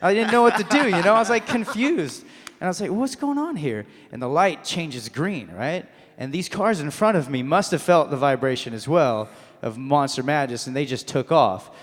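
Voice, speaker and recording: A man's voice: fairly high pitch, moderate pace, big-room sound. A man telling a comic anecdote as a guest on a convention panel, acting out voices and laughing as he goes. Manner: animated storyteller, acts out voices, laughs mid-story. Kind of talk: comic anecdote to a live audience.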